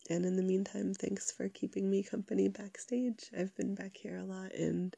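A young woman with a sick voice chatting casually to her listeners from her couch, rambling with lots of fillers and soft giggles. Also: mid-range voice, level tone, measured pace, gravelly, husky, dry recording.

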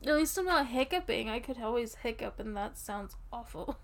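A woman playing a tipsy, affectionate young girlfriend in an audio role-play, talking softly and intimately and drifting off topic. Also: fairly high pitch, animated, moderate pace. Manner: rambling, giggly, soft and intimate. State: drunk.

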